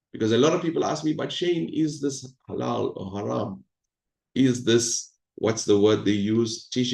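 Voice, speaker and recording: A man hosting an online meeting, giving an animated, hyped presentation and talking straight to his audience over a video call. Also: medium pitch, reverberant. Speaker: host of an online crypto meeting.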